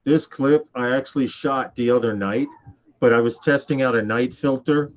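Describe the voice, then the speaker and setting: A man hosting a casual group chat show, talking fast and teasing his guests. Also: mid-range voice, highs cut off. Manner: animated, teasing, fast talker. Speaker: host.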